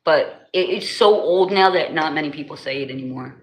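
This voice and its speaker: A woman with a New Jersey accent chatting casually with viewers on her livestream, animated and laughing often, full of slang. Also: low-pitched, brisk. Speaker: livestream host. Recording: echoey room with faint noise.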